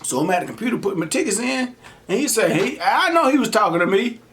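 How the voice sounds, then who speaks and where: A man hosts a mukbang, eating on camera while he tells casual stories in slangy, laid-back street talk. He's animated and emphatic, acting out the people he quotes. His voice is high-pitched and quick, with slight background noise.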